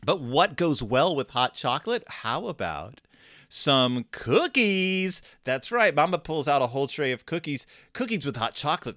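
A man's voice: on the high side, normal speed, dry recording. A man with a wry, jokey way of talking gives comedic commentary and lets his voice swing widely up and down. The recording is dry and close, with no room sound. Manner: wry, jokey, animated storytelling. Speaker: host reviewing a scratch-and-sniff storybook.

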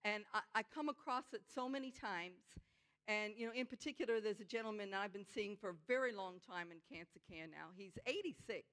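A woman preaching a sermon in an earnest, conversational way, slowing down to stress her key points. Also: mid-range voice, a bit bright. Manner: conversational asides with frequent "you know".

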